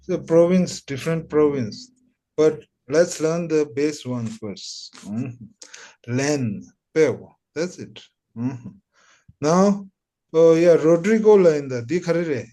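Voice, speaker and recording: This man speaks slowly, with a fairly high pitch and a warm tone. He teaches Tibetan pronunciation online and patiently says syllables over and over for the class.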